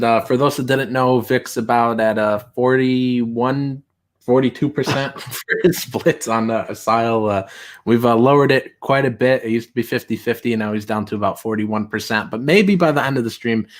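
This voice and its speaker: A man hosting a livestream, chatting casually and reading comments aloud in mocking voices. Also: moderate pace. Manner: reads tweets aloud in mocking high voices, laughs often. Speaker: streamer host.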